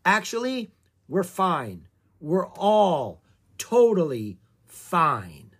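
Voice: mid-range voice, very animated, extremely slow, breathy edge, voice pushed up, full character voice. The narrator of a storybook reading, voicing an earnest, slightly flustered young boy in a raised voice.

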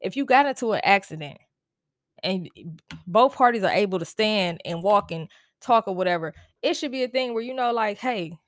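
A woman's voice: medium pitch, expressive, normal speed, no room sound, clean studio sound. Blunt, exasperated woman podcast host. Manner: blunt, exasperated, profane, with frequent "like" fillers. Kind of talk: casual solo podcast rant.

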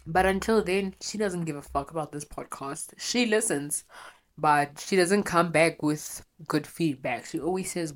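Low-voiced young woman. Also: a little slow. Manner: blunt, swears freely, candid. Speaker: podcast host. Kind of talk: confessional solo podcast.

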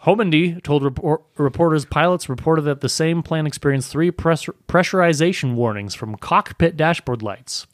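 A man's voice: a little high, normal speed, hardly any pauses, no room sound, studio quality. A young man co-hosting a podcast, joking around, swearing freely and reading news items aloud. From southern Minnesota. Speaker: podcast co-host. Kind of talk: casual chat.

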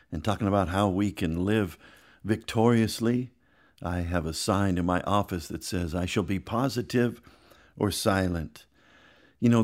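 A middle-aged male pastor telling family stories in a chatty podcast, laughing as he goes. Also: deep voice. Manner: chatty, laughs through his stories, animated voices. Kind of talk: storytelling sermon podcast.

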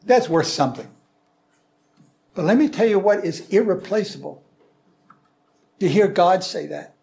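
A man's voice: high voice, lively intonation, unhurried, gravelly, a little mellow. A man giving an earnest, prayerful sermon-style teaching, asking rhetorical questions. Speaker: Christian teacher.

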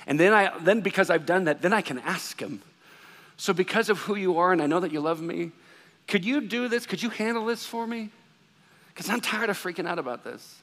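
A man with a high, bright, ringing voice preaches a sermon in a conversational, animated way, with self-deprecating humor. His voice carries a long reverb, as in a large hall. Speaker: pastor.

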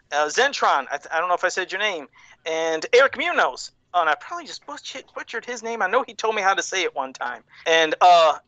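A man hosts a live stream in a bright, animated voice, swearing casually and rambling from point to point. His voice is close and dry, with no room sound. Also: fairly high pitch, no echo, rough recording. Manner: profane, rambling, laughs often. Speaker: host of a live-streamed show. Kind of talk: casual livestream chat.

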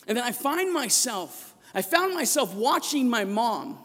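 A man preaching a sermon as a priest, telling a personal story with passion and rising to shouts at the peaks, recorded in a church. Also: very high-pitched, sing-song, a little slow. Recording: long echo of a large church.

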